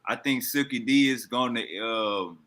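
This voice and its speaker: A man's voice: medium pitch, unhurried, a bit bright. A man hosting a livestream debate, casually directing guests and checking whether they are connected. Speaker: debate host.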